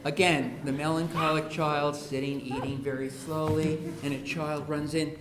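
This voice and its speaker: A man's voice: fairly high pitch, flat delivery, normal speed, few pauses. A man giving a humorous talk on education to an audience, acting out the voices of parents and children as he tells stories. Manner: humorous storyteller, acts out quoted children and parents. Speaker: speaker on education. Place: school hall. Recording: echoey room with faint hiss.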